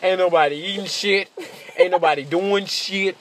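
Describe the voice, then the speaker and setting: A man doing a profane stand-up comedy monologue, brash, laughing often and slipping into shrill mocking voices. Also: steady tone, normal speed, a little hiss or hum.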